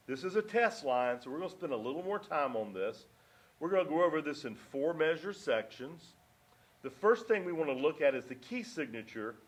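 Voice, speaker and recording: Patient man teaching clarinet. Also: a little high. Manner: steady, patient counting and step-by-step directions. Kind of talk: instructional music lesson.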